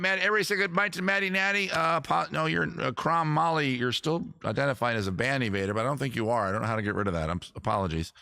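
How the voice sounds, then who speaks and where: Bright-voiced man chatting on a stream. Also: medium pitch, vocal fry, dry recording, studio quality. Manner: chatty, reads viewer comments aloud and answers them. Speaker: live-stream host. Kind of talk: casual live-stream chat. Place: seated at home on a rolling chair.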